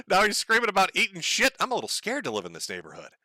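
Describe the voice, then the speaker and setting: A man's voice: high-pitched, wildly swooping pitch, racing, sharp tone, dry recording. A man from the United States hosting a casual livestream, talking in a profane, sardonic way and chuckling often. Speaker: livestream host.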